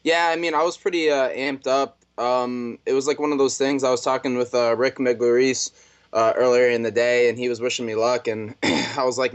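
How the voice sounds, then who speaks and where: A man being interviewed over a video call, casual and animated as he recounts stories. His pitch sits in a middle range, and his delivery stays relaxed throughout. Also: moderate pace, clear, resonant tone. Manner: laid-back, animated storyteller. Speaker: fighter guest.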